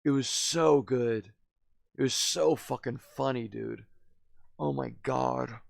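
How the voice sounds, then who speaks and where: Gravelly, rambling young-sounding streamer guy. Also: medium pitch, takes it slowly, no room sound. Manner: rambling, slangy, says "dude" and "man" constantly; laughs often, drifts loud then quiet. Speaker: live streamer. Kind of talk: casual rambling storytelling.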